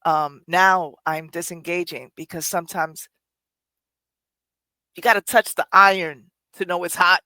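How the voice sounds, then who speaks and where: Middle-aged woman on her podcast, lowish voice, dry close sound, real honest reflective talk. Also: steady tone, measured pace, bright, forceful tone, no room sound. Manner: earnest, candid, laughs at herself. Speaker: podcast host.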